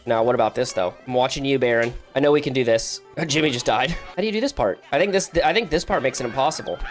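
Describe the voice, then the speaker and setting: Excitable young man yelling over gameplay. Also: fast talker, soft background music. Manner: excitable, yelps high when frustrated, laughs often. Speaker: gaming YouTuber. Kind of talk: casual multiplayer gameplay commentary.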